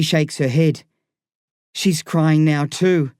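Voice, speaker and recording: A man reading a novel aloud in first person, with measured, vivid storytelling. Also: on the high side, a little mellow, dry recording, studio quality. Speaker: audiobook reader.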